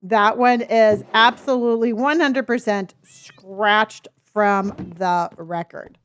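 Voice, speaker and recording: A woman's voice: medium pitch, takes it slowly, a bit bright, slight background noise. A middle-aged woman livestreaming a game, chatting casually and rambling as she reads her chat and laughs often. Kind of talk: casual chat while gaming.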